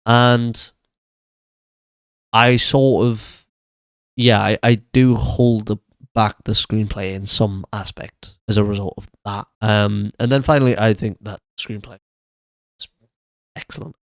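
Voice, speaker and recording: A man reviews films in a loose, unscripted way, often stumbling and restarting his sentences. His voice sits fairly low. The sound is dry and close, with no room around it. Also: steady tone, a little slow, long pauses, smooth, dry recording. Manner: hesitant, many restarts and fillers. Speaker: film reviewer. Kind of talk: casual solo video commentary.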